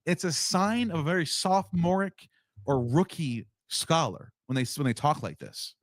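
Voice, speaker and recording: Male streamer, fairly high and very lively delivery, dry close sound, heated rhetorical commentary. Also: dry recording. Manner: animated, worked up, rapid rhetorical questions. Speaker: streamer reacting to a video.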